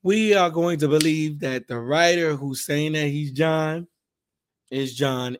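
A man hosting a casual Bible-study podcast in a relaxed, conversational way, correcting himself as he goes. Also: medium pitch, unhurried, dry recording, clean studio sound. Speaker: podcast host.

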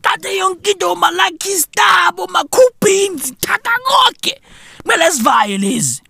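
A man with a South African accent voicing a loud, blustering xenophobic South African man in a comic sketch. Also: very high-pitched, expressive, normal speed, vocal fry, no echo, clean studio sound, pitched above the performer's own voice, heavily acted. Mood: ranting.

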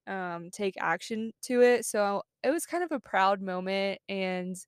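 A woman's voice: medium pitch, expressive, a little slow, clean tone, no room sound, clean studio sound. A young woman, chatting casually as a podcast host from her parked car, upbeat and full of fillers. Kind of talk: casual chat.

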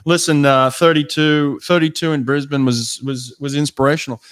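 A man's voice: fairly high pitch, steady tone, moderate pace, a bit bright. A man from Australia hosting a podcast, chatting casually and often stammering and restarting his sentences. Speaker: podcast host. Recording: dry close audio.

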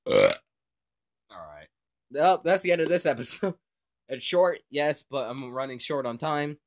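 A man hosting an unscripted podcast, with a voice pitched a bit above most men's. He rambles goofily and jokes, breaking into laughter often. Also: normal speed, slight background noise. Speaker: podcast host. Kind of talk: casual improvised podcast chat.

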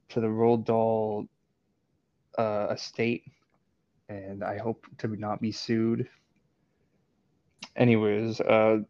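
A man's voice: mid-range voice, vocal fry, darkish tone, no room sound. A man in casual chat, joking and rambling, often repeating his words as he stumbles along. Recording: slightly dull, dry recording.

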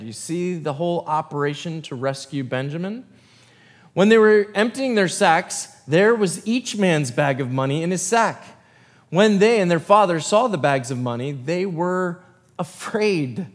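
A male pastor with a fairly high voice delivers a sermon in a church sanctuary, his words trailing off in the long reverb of the hall. He alternates between steady scripture reading and casual, rambling asides to the congregation. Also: moderate pace. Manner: reads scripture, then breaks into loose conversational asides.

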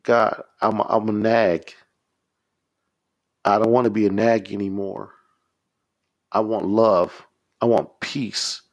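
A man's voice: fairly low pitch, little pitch movement, slow pace, gravelly, long pauses, lo-fi sound. A man preaching a podcast sermon, leading prayers in a fervent, repetitive, exhorting way.

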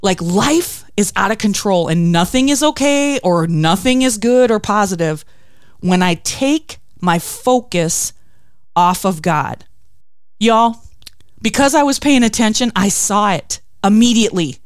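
A woman's voice: medium pitch, measured pace, smooth, dry recording, studio quality. A woman hosting a faith devotional talk, telling stories expressively and acting out quotes. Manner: expressive storytelling with acted quotes. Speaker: podcast host.

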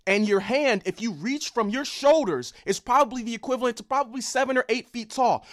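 A young man giving an angry, heated ranting commentary on combat sports, loud and repetitive. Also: extremely high pitch.

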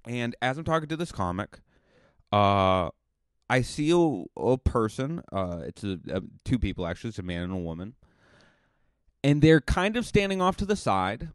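Guy comic rambling on his podcast, mid pitch, dry close sound, lots of ums and restarts. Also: smooth, no room sound. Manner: chatty and rambling, with many restarts and fillers. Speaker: stand-up comedian and podcast host. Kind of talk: casual podcast monologue.

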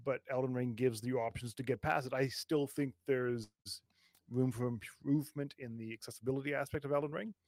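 A man's voice: mid-range voice, fairly even intonation, a little fast, darkish tone, no room sound. A man co-hosting a casual gaming podcast. He thinks aloud with fillers and talks earnestly about game design. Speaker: podcast co-host.

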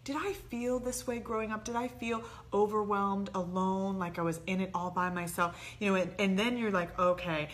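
A woman on a talk show giving earnest, animated advice, sometimes dropping soft and low. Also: moderate pace, few pauses. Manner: earnest, animated, dips soft and low when quoting inner thoughts. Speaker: therapist guest. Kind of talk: casual advice chat.

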